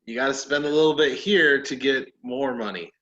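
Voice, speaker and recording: A man's voice: medium pitch, moderate pace, sharp tone. A man from Ohio co-hosting a casual sports chat, rambling and laughing as he talks. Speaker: podcast co-host. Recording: dull lo-fi sound.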